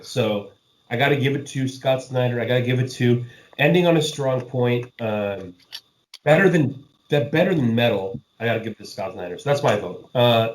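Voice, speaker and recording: Laughing along with friends, a podcast host keeps the chat loose and casual and swears a lot. His voice sits at medium pitch, and the audio is poor, with an echoey room.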